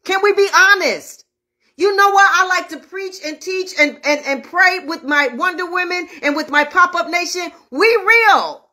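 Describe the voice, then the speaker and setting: A woman minister preaches to an online audience in a high, bright voice. She repeats her key lines and presses them home. Her delivery is direct and personal. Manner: emphatic, repetitive preaching, addresses viewers directly. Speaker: minister and host of an online prayer show. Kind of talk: online sermon.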